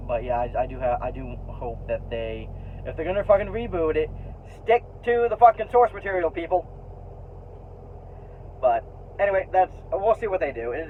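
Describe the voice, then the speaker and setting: A man vlogging in a casual, rambling way, full of fillers and restarts, and frank enough to swear when annoyed. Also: medium pitch. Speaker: vlogger sharing opinions. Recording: tinny phone-like sound with faint noise.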